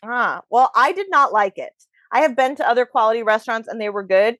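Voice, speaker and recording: Woman host spilling date stories, chatty and frank, kinda high voice. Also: expressive, fairly quick, fairly bright tone, no room sound. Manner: candid and chatty, frank about dating. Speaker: podcast host. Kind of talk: casual chat. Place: New York.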